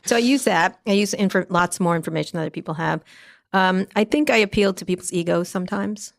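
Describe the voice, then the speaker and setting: Brief: middle-aged woman, rapid-fire blunt storyteller, gravelly edge, salty and direct. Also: lowish voice. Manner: blunt, profane, fast anecdotes with laughs. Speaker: guest, tech journalist. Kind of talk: casual storytelling interview.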